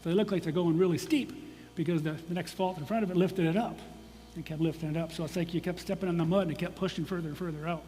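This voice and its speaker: Quick-paced and fairly even in intonation, this man's voice is slightly high and mellow, with soft music in the background. He's from Michigan and speaks conversationally to an audience as a guest geologist, often restarting and wandering into asides, in a recording with long hall reverb and a faint hum.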